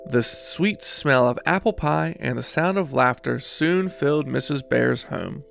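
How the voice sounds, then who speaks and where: A man hosting a show where he reads a children's picture book aloud in an expressive storytelling voice. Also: medium pitch, unhurried, gravelly, hardly any pauses, faint music behind. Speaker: host reading children's books.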